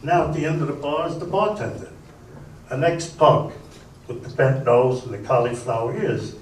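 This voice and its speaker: A man doing a stand-up routine on a comedy club stage, telling jokes deadpan. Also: mid-range voice, moderate pace, slight background noise. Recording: echoey club recording from a distance.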